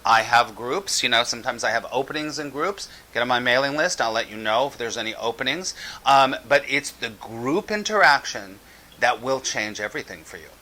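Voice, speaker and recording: A man teaching about a spiritual text, speaking earnestly with slow, deliberate emphasis. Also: medium pitch, expressive, low-quality recording. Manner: soft, drawn-out reading aloud.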